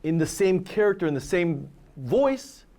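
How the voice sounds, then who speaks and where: A man's voice: high voice, very animated, unhurried, dark tone. A man coaching violin students in a masterclass, singing phrases aloud and often checking in with "right?". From Korea. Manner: sings phrases aloud, asks "right?" often, acts out examples. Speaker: violin teacher.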